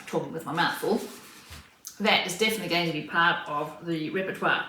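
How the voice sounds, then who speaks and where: A woman vlogging as she cooks at home, talking in an unhurried, chatty way while she stirs, serves and tastes her food. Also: fairly low pitch, bright, forceful tone. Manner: unhurried, chatty, talks while cooking and tasting. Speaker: cooking vlogger. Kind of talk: casual cooking vlog narration. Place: home kitchen. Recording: roomy, distant mic, faint kitchen noise.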